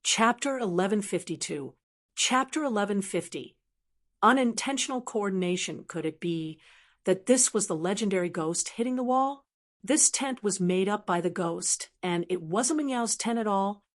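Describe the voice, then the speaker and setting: A woman reads a web novel aloud as audiobook narration. Her voice is of a middle pitch for a woman, and her delivery is steady and even. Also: moderate pace.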